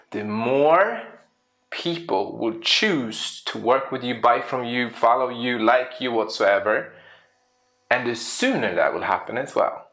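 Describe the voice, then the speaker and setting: A man, a speaker and coach, giving a storytelling presentation, asking the audience questions and acting out little scenes. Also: mid-range voice. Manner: lively, acts out little scenes in quoted voices.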